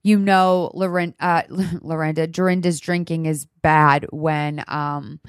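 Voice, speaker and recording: A woman's voice: deep voice, steady tone, slow pace, clean tone, no room sound, studio quality. A woman from Massachusetts hosting a radio show, chatting casually in an outspoken, rambling way with many restarts. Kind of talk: casual chat.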